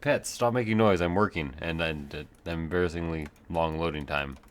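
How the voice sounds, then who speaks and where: In a low-pitched voice at a moderate pace, a man hosts a let's play. He thinks out loud through casual gameplay commentary, rambling, mocking himself, and leaning on lots of filler words.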